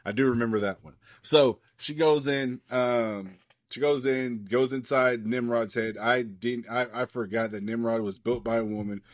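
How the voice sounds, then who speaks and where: A man's voice: mid-range voice, fairly even intonation, normal speed, no echo, clean studio sound. A man co-hosting a podcast, casually recapping a comic book in a loose, rambling way, swearing freely and leaning on lots of fillers. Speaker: podcast co-host.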